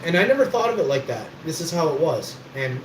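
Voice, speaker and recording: A man's voice: on the high side, sing-song, fast. A man telling rambling, boastful stories on a livestream and swearing freely. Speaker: livestream host. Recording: echoey room with background noise.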